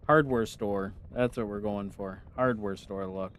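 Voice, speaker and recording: A man's voice: on the low side, fairly even intonation, measured pace, a little hiss or hum. A man with a northern US accent, casually chatting with his live-stream viewers while playing, answering their questions with easy laughs. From United States. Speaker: game streamer.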